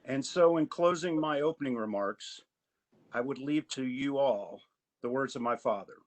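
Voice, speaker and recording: A man from Augusta, Georgia, chairing an advisory committee in a virtual meeting, giving earnest, measured prepared remarks. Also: medium pitch, low-quality recording.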